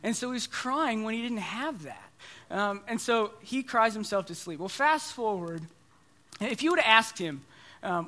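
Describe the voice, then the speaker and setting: Guy in his 30s giving a chatty sermon, bright voice, jokes on himself. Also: sits high, lively intonation, moderate pace. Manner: conversational, self-deprecating storytelling. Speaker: preacher.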